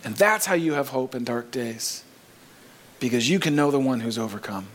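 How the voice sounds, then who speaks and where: A man's voice: medium pitch, lively intonation, moderate pace. A man preaching a sermon in a church, earnest and emphatic, rising on key phrases. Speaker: pastor.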